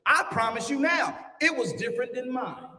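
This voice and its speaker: Brief: male pastor, high voice, animated sermon delivery with shouted peaks, distant mic, reverberant hall. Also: moderate pace. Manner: animated preaching, swinging from quiet asides to shouted climaxes. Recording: echoey church hall, mic from far off.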